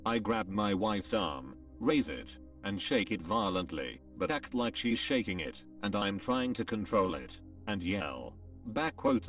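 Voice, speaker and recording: A man's voice: fairly low pitch, big pitch swings, unhurried, a bit bright, far from the mic, soft background music. A man's computer-generated voice reading forum posts aloud, including the punctuation marks. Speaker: narrator reading online posts.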